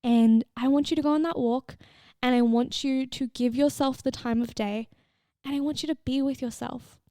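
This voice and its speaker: Tearful young woman, gravelly podcast pep talk. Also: high-pitched, steady tone, moderate pace, dark tone, no echo, clean studio sound. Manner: frank and swearing, affectionate pep talk. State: tearful, emotional. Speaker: podcast host. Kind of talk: solo motivational podcast talk.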